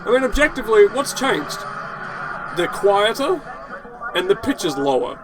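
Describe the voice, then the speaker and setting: A man's voice: high-pitched, sing-song, normal speed, poor audio. A man ranting in a casual vlog, sarcastic, dismissive and sprinkled with swearing. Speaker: video blogger.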